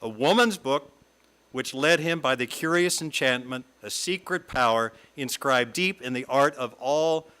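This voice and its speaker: A middle-aged man from the American South, a guest speaker giving a reflective talk read from a script in a lyrical, measured way. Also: medium pitch, sharp tone, clean tone. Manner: lyrical, measured reading with long lists. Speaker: guest speaker at a fellowship service.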